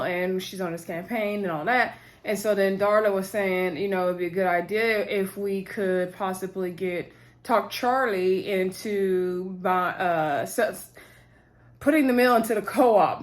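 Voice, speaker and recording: A woman, recapping a TV episode in a chatty way and talking to her viewers as y'all. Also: medium pitch. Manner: chatty, addresses viewers as y'all, asides and laughs. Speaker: TV recap host.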